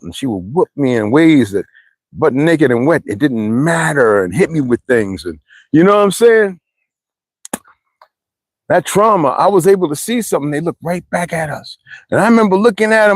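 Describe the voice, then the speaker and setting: A man telling rambling, profane stories in a casual monologue, full of asides and sudden swings from low mutters to high exclamations. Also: dry recording. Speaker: channel host.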